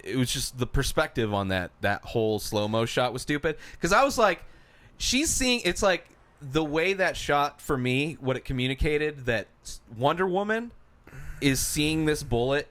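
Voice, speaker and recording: Man, podcast co-host, ranting and swearing, fairly high voice, very lively pitch. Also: moderate pace, no echo. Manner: ranting, profane, animated. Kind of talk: casual movie review chat.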